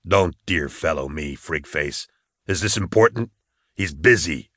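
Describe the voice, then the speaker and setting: A man's voice: very deep voice, lively intonation, unhurried, bright, forceful tone, no room sound, clean studio sound, voice pushed down, heavily acted. A man voicing a big, contemptuous male ex-bounty hunter who sneers and snaps curt retorts in an audiobook reading. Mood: sneering.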